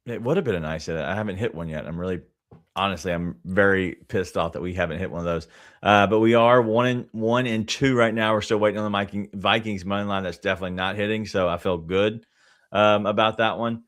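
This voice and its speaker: A man hosting a casual sports betting show, blunt and brisk as he wraps up results. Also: on the low side, a bit bright. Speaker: show host.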